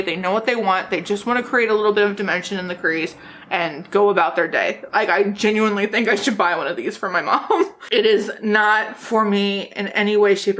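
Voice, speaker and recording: A woman's voice: on the high side, a bit bright. Chatty, sarcastic woman beauty vlogger. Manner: chatty, sarcastic, laughs often. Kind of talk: casual chat.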